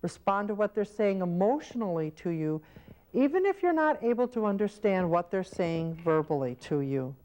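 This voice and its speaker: A woman's voice: mid-range voice, sing-song, normal speed, mellow. A woman teaching caregivers in an instructional training video, explaining patiently and acting out short example scenes. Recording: old VHS training tape.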